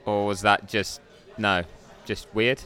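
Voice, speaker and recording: Wry low-voiced man telling a story. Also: little pitch movement, slow pace, sharp tone, a faint crowd. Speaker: podcast co-host. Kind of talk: casual banter. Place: bar.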